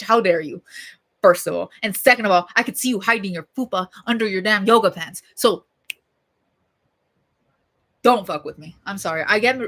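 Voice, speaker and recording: A young woman with a bright, forceful voice tells a story on her livestream. She rants in a loose, profane, blunt way, full of "like" and "y'all." Her delivery stays casual and fired up. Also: mid-range voice. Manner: heated, profane and blunt, with lots of fillers.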